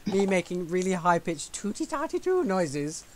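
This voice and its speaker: A man's voice: high voice, big pitch swings, normal speed. A man co-hosting a casual podcast chat, full of teasing jokes and banter. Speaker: podcast co-host.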